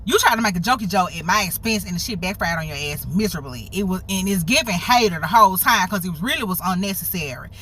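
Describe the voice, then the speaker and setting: Woman in her thirties, storytime, fast, lively pitch, bright voice, sassy and profane. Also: husky. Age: 30s. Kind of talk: storytime vlog.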